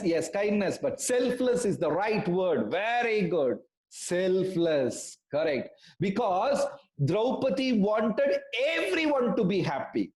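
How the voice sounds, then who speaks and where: A man telling a story in an online class for children, animated and asking the class questions. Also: high-pitched, reverberant, rough recording. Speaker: storytelling teacher.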